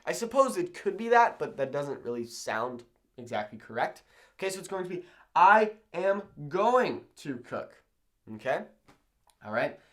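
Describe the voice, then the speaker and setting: A man teaching a Spanish lesson at a whiteboard, checking in with "okay?" after nearly every point and slowing down on example phrases. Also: a little high. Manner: animated, repeats "okay?" often, slows down on example phrases. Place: classroom-style room with whiteboard.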